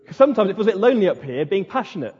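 A man preaches with fiery, emphatic passion, his voice pitched high and a little husky. He delivers a sermon as a pastor, leaning into dramatic pauses. The sound is dull and lo-fi, with long reverb from a large hall. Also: sing-song, a little mellow.

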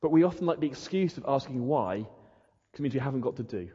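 A man's voice: mid-range voice, animated, a little fast, dark tone, husky. A man preaching a sermon, acting out questions and prayers in a rhetorical way. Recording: dull echoey hall.

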